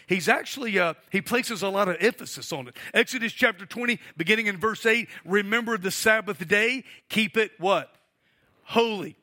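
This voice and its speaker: A man's voice: high-pitched, pushed and bright. A middle-aged male pastor preaching a sermon, emphatic and asking the congregation for responses.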